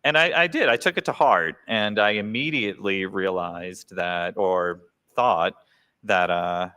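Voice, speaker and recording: Bright, animated low-voiced man. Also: measured pace. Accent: General American. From New Orleans, US South. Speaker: podcast guest. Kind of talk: live conversational podcast.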